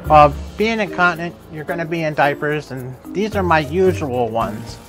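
A man's voice: fairly high pitch, animated, moderate pace. Earnest man in a documentary clip over music. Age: 30s. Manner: earnest, matter-of-fact, proud. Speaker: documentary interviewee. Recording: clip played with music behind. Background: background music.

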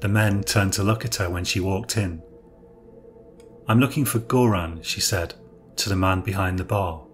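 A man narrating a dark thriller story in a measured, even reading voice. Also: low voice, soft background music.

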